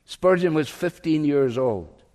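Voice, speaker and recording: A man preaching a sermon, telling a story earnestly and closing in quiet prayer. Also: fairly high pitch, lively intonation, unhurried, big-room sound. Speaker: pastor.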